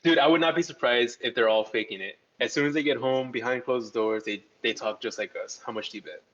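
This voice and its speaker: A man's voice: mid-range voice, a little fast, fairly bright tone. A young man co-hosting a casual podcast in a laid-back way, calling people dude. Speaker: podcast co-host. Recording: dull lo-fi sound.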